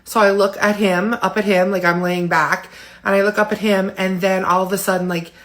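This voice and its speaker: A woman's voice: medium pitch, flat delivery, a little fast, fairly bright tone. A woman in her forties, tired, telling a rambling, candid story in a casual personal vlog from home, full of fillers. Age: 40s. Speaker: vlogger.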